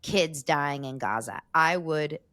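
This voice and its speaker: A woman co-hosting a podcast in casual chat, animated and mimicking crowd screams as she tells stories. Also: deep voice, slow, no echo, clean studio sound. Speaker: podcast co-host.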